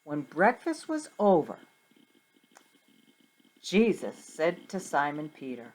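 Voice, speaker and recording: A woman's voice: sits low, huge pitch swings, slow pace, long pauses, darkish tone. A middle-aged woman, a Sunday school teacher, telling a Bible story to children with questions and a sing-song delivery.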